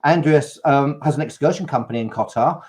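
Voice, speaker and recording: A man's voice: a little high, fairly quick, darkish tone. A man hosting a live online chat, upbeat and reading out viewer comments. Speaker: host of a live cruise chat. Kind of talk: casual live-stream chat.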